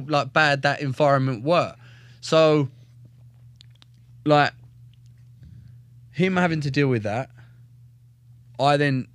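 On a podcast, a young man who fights tells his life story in relaxed, heavily profane speech, animated and performing the quotes he recalls. His voice sits at medium pitch in a dry recording.

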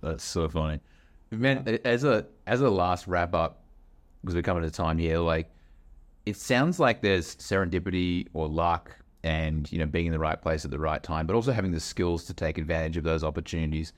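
A man with a low, deep voice hosts the conversation. He asks his questions casually and reflectively, thinking them through out loud. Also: normal speed. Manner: reflective, thinks aloud while asking. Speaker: podcast host.

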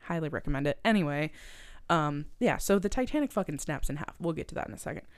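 A woman's voice: low voice, animated, fast talker, smooth, no echo. A young woman co-hosting a podcast, chatting casually, swearing a lot and acting out quotes. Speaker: podcast co-host. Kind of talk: casual chat.

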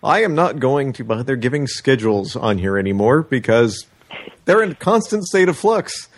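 A man's voice: medium pitch, big pitch swings, moderate pace. A chatty man co-hosting a podcast. He talks things through at length and opens the segments. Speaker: podcast co-host. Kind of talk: casual chat.

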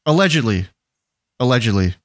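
A man's voice: mid-range voice, very animated, fairly quick. A man co-hosting a podcast in casual chat, joking and swearing casually. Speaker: podcast co-host.

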